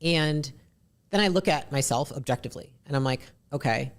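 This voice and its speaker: Woman w a deep raspy voice, blunt podcast guest, swears a lot, talks in quick bursts. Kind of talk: candid podcast conversation.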